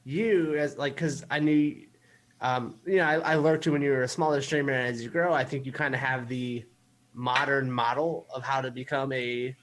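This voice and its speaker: A man hosting a podcast, talking in a relaxed way with filler words. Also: medium pitch, moderate pace, slight background noise. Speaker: podcast host. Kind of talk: casual podcast chat.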